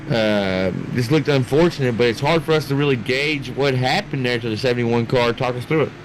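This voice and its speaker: Excitable male race commentator. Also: mid-range voice, fairly quick, slight background noise. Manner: excitable, rambling, talks to his producer. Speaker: sim racing commentator. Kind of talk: live play-by-play commentary.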